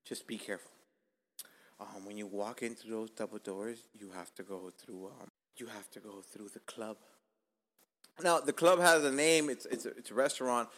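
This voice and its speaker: A young man, hosting a casual podcast and telling a profane, animated story, acting out his own lines with whispers and yelps. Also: lowish voice, gravelly. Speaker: podcast host.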